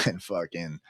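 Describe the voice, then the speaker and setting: Middle-aged man, deep monotone voice, frank, profane, casual storyteller. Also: no room sound. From Massachusetts, near Boston. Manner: frank, profane, says "man" after almost every phrase. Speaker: guest in recovery.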